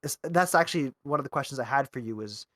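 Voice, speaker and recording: A man from Canada hosting a casual interview, hesitant and quick to agree with his guest. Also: mid-range voice, lively intonation, fairly bright tone, no room sound, clean studio sound. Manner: hesitant, restarts and agrees often. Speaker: podcast host.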